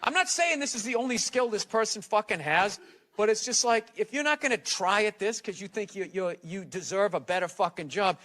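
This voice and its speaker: A man from the United States, a guest comedian in a casual interview, ranting in a blunt, profane, animated way. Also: high voice, brisk.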